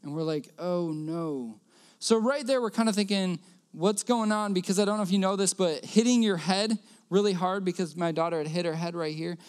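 Male preacher, high and smooth voice, earnest sermon storytelling with repeated key lines. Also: fast, few pauses, darkish tone.

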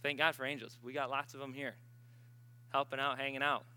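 A man preaching a sermon in a conversational, emphatic way, swinging between loud and hushed and acting out the voices he quotes. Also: mid-range voice, little pitch movement, fairly quick, smooth. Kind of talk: sermon with storytelling.

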